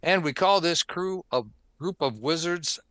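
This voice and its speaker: An upbeat, chatty man hosts a podcast and laughs easily between points. His voice is bright and forceful, with a crisp, resonant clarity. It is recorded dry, with almost no room sound. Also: on the high side, unhurried, no echo. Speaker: podcast host. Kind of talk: casual podcast chat and show intro.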